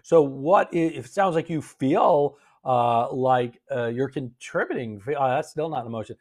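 Man, husky voice, gentle coaching tone, live stream host, phone mic. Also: mid-range voice, moderate pace. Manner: gentle, coaching, reads viewer comments aloud and responds.

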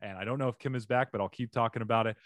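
A man's voice: medium pitch, fairly even intonation, very fast, no echo. A man hosting a comedy podcast over a remote call, joking and ad-libbing playfully in casual chat. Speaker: podcast host.

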